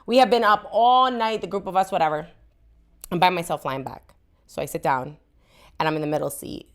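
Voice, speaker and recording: A woman in her thirties chats on a podcast in a fairly low voice. She is candid and swears freely. She acts out the scenes of her stories with plenty of animation. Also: a little fast. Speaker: podcast co-host. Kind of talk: casual chat.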